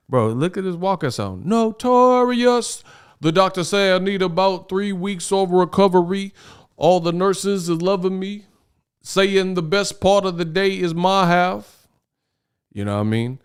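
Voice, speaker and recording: A man's voice: medium pitch, smooth. A man hosting a casual boxing reaction commentary, slangy and incredulous.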